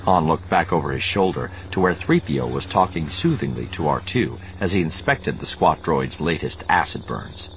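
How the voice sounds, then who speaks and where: A man narrating an audiobook with a measured, expressive reading. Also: extremely low pitch, a little hiss or hum. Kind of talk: scripted narration.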